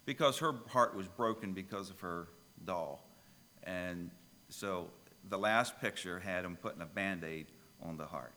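A pastor preaching a sermon, telling a children's story with lively, emphatic delivery. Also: male voice, on the low side, moderate pace, long reverb tail.

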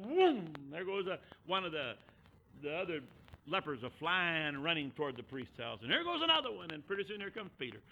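Lively high-voiced man preaching a story. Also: highs cut off, a little hiss or hum. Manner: animated, acts out characters' voices, swings from hollering to hushed. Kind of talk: sermon storytelling.

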